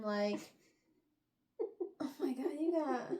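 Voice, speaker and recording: A woman's voice: fairly high pitch, takes it slowly. A young woman giving a casual book recap as a podcast host, chatty and full of laughs.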